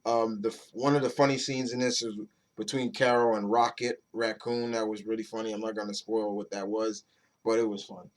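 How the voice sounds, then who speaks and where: A man's voice: lowish voice, level tone, fairly quick. A man giving a casual, rambling comic book review, loose and chatty with mild swearing and frequent restarts.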